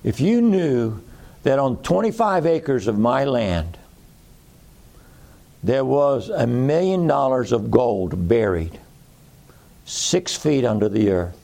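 A man's voice: medium pitch, very animated, slow, creaky, long pauses, warm tone. A man preaching a sermon in a folksy way, repeating phrases for emphasis.

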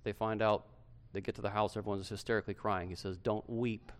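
A middle-aged male pastor preaching a sermon to his church, swinging from loud emphasis to hushed softness. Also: fairly low pitch, little pitch movement, quick pace, smooth.

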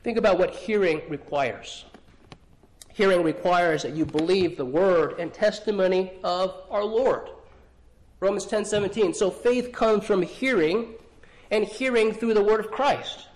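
A man's voice: high voice, a little slow, darkish tone. A man preaching a sermon, earnest, often restarting his words as he speaks. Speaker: pastor.

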